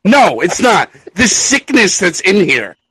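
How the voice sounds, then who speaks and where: A man's voice: high voice, big pitch swings, slow pace, slightly rough, dry recording, poor audio. A man ranting angrily about his teams on a sports podcast, swearing and raising his voice. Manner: angry profane ranting, shouting at times. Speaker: podcast co-host. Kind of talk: casual sports chat.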